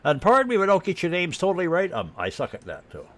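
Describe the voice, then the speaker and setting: A man with an Ottawa Valley accent talks through a live game stream, rambling and thinking aloud. His voice sits high and swoops up and down constantly. He is easygoing and chatty throughout. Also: huge pitch swings, fast talker, a bit bright. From Ottawa, Canada. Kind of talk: live gameplay commentary.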